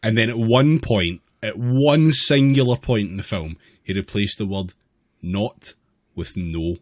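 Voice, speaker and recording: Man, very low voice, blunt and sweary, emphatic, podcast co-host, dry close sound. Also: expressive, normal speed, dry recording. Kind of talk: casual film-review chat.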